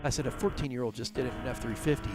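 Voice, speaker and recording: A man's voice: mid-range voice, racing, background noise. A middle-aged man telling a rambling story in a casual interview, full of fillers and restarts. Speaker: race team owner, interview guest.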